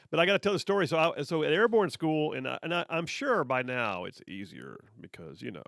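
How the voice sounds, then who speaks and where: A man's voice: mid-range voice, gravelly, a bit bright, dry recording, studio quality. A middle-aged man hosting a radio talk show, telling stories in a casual, chatty way with many restarts. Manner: chatty, repeats words as he goes. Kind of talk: casual on-air storytelling.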